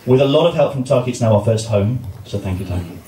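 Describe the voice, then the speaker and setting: A fast-talking Englishman with an expressive, mid-range voice jokes at his own expense during his wedding speech as the groom. The reception venue sounds roomy, the mic is distant, and the crowd is loud.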